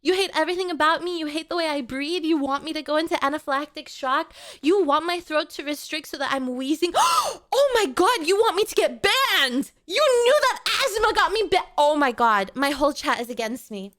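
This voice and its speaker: A woman's voice: high voice, expressive, brisk, hardly any pauses, fairly bright tone. A woman streamer chatting casually with her live chat, playful and melodramatic, often pleading with viewers.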